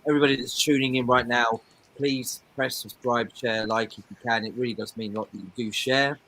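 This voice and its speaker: A man's voice: mid-range voice, steady tone, bright, forceful tone, rough recording. A man hosting a football podcast, upbeat as he signs off and thanks his guests. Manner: upbeat, wrapping up quickly. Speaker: podcast host. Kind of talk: show sign-off.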